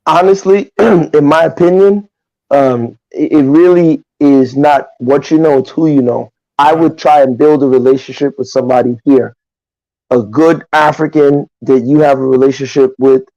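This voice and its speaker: Man from Nigeria, podcast guest, casual chat, emphatic storyteller, slightly high voice, dry close sound. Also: normal speed, dry recording, highs cut off. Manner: animated, emphatic storytelling with frequent asides.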